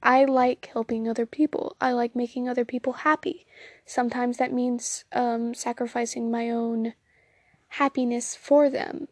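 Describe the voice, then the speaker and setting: A woman's voice: on the high side, fairly even intonation, normal speed, dry recording. Young Southern woman rambling on a phone podcast. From Southern United States. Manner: rambling, self-deprecating, giggly, many ums. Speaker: podcast host. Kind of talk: casual solo podcast chat.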